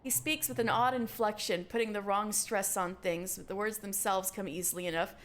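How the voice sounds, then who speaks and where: A woman streaming a video game live, reading its text aloud in a giggly, excitable way. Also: medium pitch, moderate pace.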